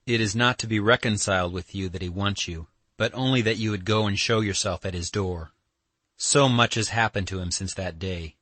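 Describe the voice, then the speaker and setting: A man's voice: on the low side, fairly bright tone, no room sound. A man doing an earnest, emphatic young man. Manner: emphatic, pleading.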